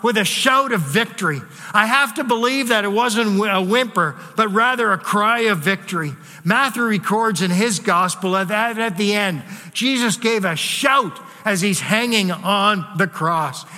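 A man preaching a sermon in an earnest way, slowing and softening his voice for key words. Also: high-pitched, in a large hall. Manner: earnest preaching with dramatic pauses and softened quotes. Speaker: pastor.

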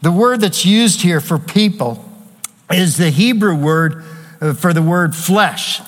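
High-voiced preacher in a reverberant hall. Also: male voice, expressive, slow pace. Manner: earnest preaching with rhetorical questions and scripture reading. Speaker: pastor. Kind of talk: sermon.

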